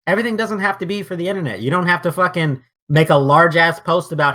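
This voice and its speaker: A young man co-hosting a casual podcast, talking in an animated, profane way and acting out quotes. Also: high-pitched, quick pace, few pauses. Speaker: podcast co-host. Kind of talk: casual chat.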